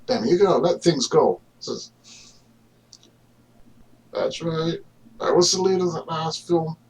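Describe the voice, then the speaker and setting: A man's voice: on the high side, expressive, takes it slowly, a little mellow, recorded from a distance, rough recording. A man delivering a rambling, argumentative casual monologue to the camera, full of fillers and restarts. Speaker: vlogger.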